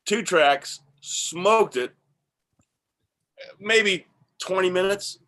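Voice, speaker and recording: A man telling a casual, animated story, heavy on swearing and bursts of laughter. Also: high voice, slow, pauses often. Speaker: guest musician.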